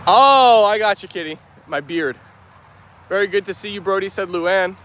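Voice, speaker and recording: Hosting a relaxed outdoor stream in a yard with dogs and chickens, a cheerful man reads viewers' messages aloud and welcomes them by name. His voice is high and steady, a bit bright, at normal speed, with a faint hiss or hum.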